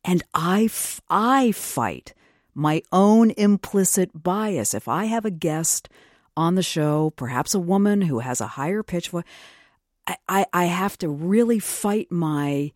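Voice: medium pitch, expressive, slow, a little mellow, no echo. A radio host with a mid-range voice asks a guest a thoughtful question. The delivery is reflective and conversational. The studio sound is dry and close. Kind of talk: radio interview.

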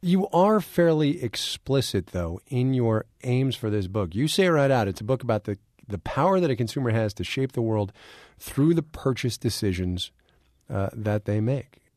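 A man's voice: mid-range voice, lively intonation, moderate pace, darkish tone, no room sound, clean studio sound. A man hosting a radio show, reading polished intros and asking curious questions with small restarts. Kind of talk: radio interview and scripted intros. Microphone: studio microphone.

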